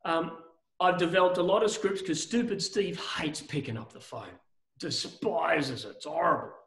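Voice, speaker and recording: A man teaching a business seminar with energy, his voice pitched quite high for a man. He keeps acting out bits of phone calls and restarting his sentences, and the room around him rings with echo. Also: normal speed, vocal fry, fairly bright tone. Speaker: business coach. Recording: echoey room.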